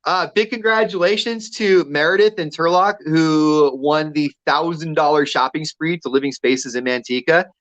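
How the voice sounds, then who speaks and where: A man's voice: a little high, moderate pace, hardly any pauses, fairly bright tone. A man co-hosting a radio show, telling a story casually and acting out the quotes with energy.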